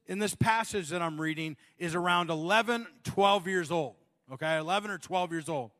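In a large hall, a male pastor tells a funny personal story during his sermon. He is animated and self-deprecating, with a high-pitched voice, and laughs often.

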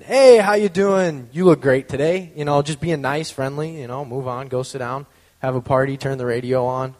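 Man telling a story in a reverberant hall. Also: medium pitch. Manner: conversational, lots of fillers; acts out quoted voices. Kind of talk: personal storytelling talk.

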